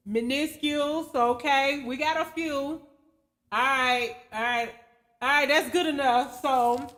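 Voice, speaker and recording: High-voiced, unhurried woman livestreamer. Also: a bit bright. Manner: loose and slangy, chuckles often, spells out viewer names letter by letter. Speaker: livestream host. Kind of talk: casual livestream chat with viewers.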